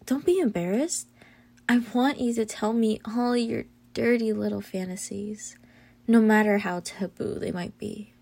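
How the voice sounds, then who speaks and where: A woman's voice: on the high side, unhurried. A woman playing a teasing girlfriend in whispered role-play. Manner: breathy whispers with soft hums and giggles. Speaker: audio role-play performer.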